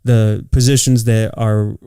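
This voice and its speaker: Studio-quality audio with no room sound captures a man from California co-hosting a casual podcast. He speaks in a lowish, mellow, smooth voice at a measured pace and flat delivery, telling profane, loose work stories full of "like."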